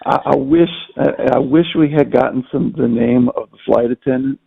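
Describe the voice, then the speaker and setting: A man's voice: mid-range voice, fairly even intonation, normal speed, gravelly, husky. A man in casual conversation, recalling a shared event in a hesitant way and repeating words as he starts over. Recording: tinny phone line.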